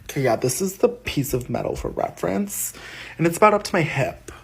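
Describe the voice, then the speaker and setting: A man talking in a dry, deadpan, wry way in a casual vlog. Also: a little high, brisk, vocal fry.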